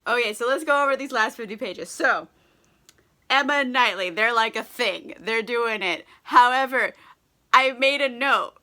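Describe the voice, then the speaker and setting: A woman's voice: fairly high pitch, moderate pace, pushed and bright. A young woman, a little drunk on wine, recapping a novel in a casual comic vlog, laughing often, swearing freely and saying "like" a lot. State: tipsy from wine. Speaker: book vlogger. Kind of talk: casual comedic book recap.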